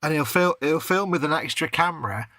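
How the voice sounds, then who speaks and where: A man's voice: fairly high pitch, lively intonation, brisk, sharp tone. A man co-hosting a casual hobby livestream, laughing along and teasing his partner. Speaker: livestream co-host. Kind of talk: casual hobby stream chat.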